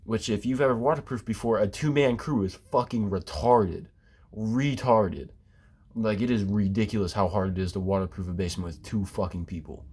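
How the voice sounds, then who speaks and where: A man with a very low voice vents in a loose, rambling rant. He swears constantly and trips over fillers and restarts as he tells his story. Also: a little fast, hardly any pauses, darkish tone, breathy edge. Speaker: former basement waterproofing worker. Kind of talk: casual profane rant.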